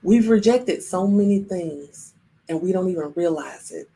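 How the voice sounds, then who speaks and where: A woman's voice: on the low side, measured pace, warm tone, rough recording. A woman hosting a live-streamed spiritual talk, speaking to her viewers in a playful way and acting out little voices. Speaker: spiritual livestream host.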